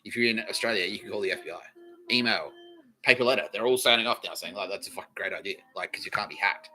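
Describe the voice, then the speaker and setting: A man's voice: on the low side, fast, pushed and bright, rough recording. A man hosting a comedy podcast, delivering a profane, repetitive monologue and laughing at his own lines. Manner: swears constantly, repeats phrases, laughs at own lines. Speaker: podcast host.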